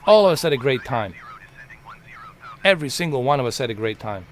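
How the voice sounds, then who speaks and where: A man's voice: mid-range voice, big pitch swings, brisk, a little hiss or hum. Heated, profane man ranting on stream. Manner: repeats himself for emphasis. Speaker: live streamer. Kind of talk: live-stream rant to chat.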